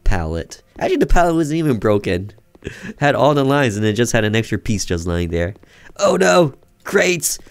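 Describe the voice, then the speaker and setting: A man giving let's-play commentary on a horror game, with joking, deadpan sarcastic asides. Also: medium pitch, normal speed, gravelly, smooth, no room sound. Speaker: gaming video creator.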